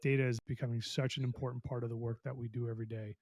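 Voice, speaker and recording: A man's voice: mid-range voice, little pitch movement, rapid-fire, a little mellow, dry recording. A man hosting a podcast interview, chatting enthusiastically and casually with fillers. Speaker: podcast host.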